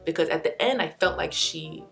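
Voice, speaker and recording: A woman with a fairly low voice tells a dramatic personal story for her vlog. She talks casually and with energy as she races through who said what in a heated falling-out. Soft music plays faintly behind her. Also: gravelly. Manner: animated, quickly recounting a dramatic dispute. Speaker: storytime vlogger.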